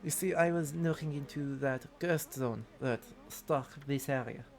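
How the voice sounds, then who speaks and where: A man's voice: mid-range voice, measured pace, close to an everyday voice. A man putting on a vain French swordsman. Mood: haughty. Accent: exaggerated fake French. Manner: theatrical, mock-grand reading of game lines. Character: vain, flamboyant male swordsman prophet.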